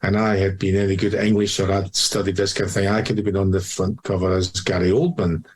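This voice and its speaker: A man's voice: low voice, little pitch movement, fast talker, breathy edge. A man hosting a podcast, musing aloud in casual chat. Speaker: podcast host.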